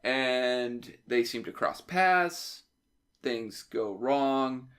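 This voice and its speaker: Male podcast co-host, mid pitch, loose rambling delivery, easy laugh. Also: lively intonation, extremely slow, a bit bright. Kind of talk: casual movie review chat.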